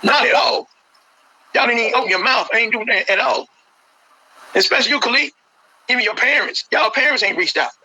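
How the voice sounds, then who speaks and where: A man's voice: extremely high pitch, a little fast, pauses often, sharp tone, slightly rough, poor audio. A man, a grieving father, speaking with passion and repeating his words in an interview. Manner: impassioned, repeats phrases. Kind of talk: emotional phone interview.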